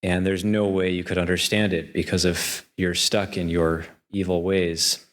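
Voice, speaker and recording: A man's voice: sits low, measured pace. A man voicing a fearless, honest young prince who speaks steadily to his captor. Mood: firm. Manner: steady, earnest.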